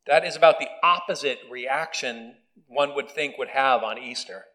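A man's voice: mid-range voice, moderate pace, pushed and bright, poor audio. Conversational man preaching a sermon. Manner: conversational, self-deprecating, with restarts. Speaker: pastor. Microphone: video recording.

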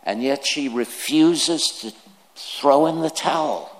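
A man preaching a sermon, slow and deliberate, putting questions to his listeners. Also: fairly high pitch. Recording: long hall reverb.

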